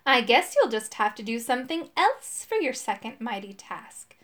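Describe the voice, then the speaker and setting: Snooty nasty wizard man, snappish, woman doing the voice, voice a bit high. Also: sing-song, normal speed, a bit bright. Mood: angry. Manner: haughty, snappish. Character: nasty pompous male magician villain.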